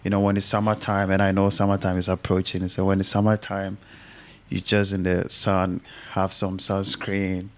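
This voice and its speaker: A man's voice: sits low, completely flat delivery, moderate pace. A young man from Ghana, a guest musician chatting casually and laughing easily about his song. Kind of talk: casual chat.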